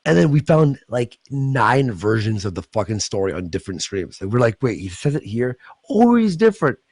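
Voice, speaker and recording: Excitable man ranting on a livestream. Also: medium pitch, moderate pace, no echo. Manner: rambling, profane, excitable ranting. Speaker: livestream host. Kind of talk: casual livestream chat.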